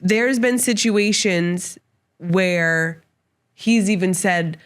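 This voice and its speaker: A woman's voice: medium pitch, drawn-out words, clear, resonant tone. A woman co-hosting a podcast, chatting casually and explaining her views at thoughtful length. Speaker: podcast co-host. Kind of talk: casual chat.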